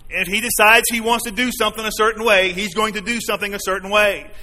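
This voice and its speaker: In a church sanctuary with long hall reverb, a pastor delivers a sermon in an earnest, conversational way, frequently asking his congregation questions. He speaks fast in a high-sitting, level voice that sounds pushed and bright.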